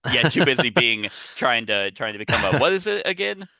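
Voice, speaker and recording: A man's voice: mid-range voice, very animated, brisk, vocal fry, pushed and bright, no room sound. A man hosting a podcast in casual chat, rambling and chatty with lots of asides, talking on a headset. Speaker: podcast host.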